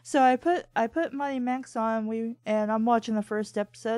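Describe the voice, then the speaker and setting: A woman chats casually as a co-host, spinning a rambling story full of "I'm like" and restarts. Her voice sits a touch high and sounds dry and close, with no room ring around it. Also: a little fast, few pauses, a little mellow, no echo. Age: adult. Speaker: podcast co-host. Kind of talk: casual chat, anecdotal storytelling.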